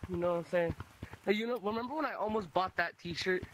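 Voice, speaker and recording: An excitable young man with a notably high voice, chatting and rambling through a game session with friends. He laughs easily and jumps from story to story. Game noise runs loudly behind him. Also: fast. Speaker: gamer streaming with friends. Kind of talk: casual gaming chat. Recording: noisy game stream audio.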